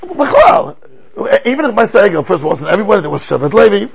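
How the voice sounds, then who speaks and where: Man giving a lively Torah class, high gravelly husky voice, rhetorical questions, stumbling restarts. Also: fast talker, poor audio. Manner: animated, rhetorical questions, frequent stammering restarts. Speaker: rabbi teaching a Torah class. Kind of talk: animated Torah lecture.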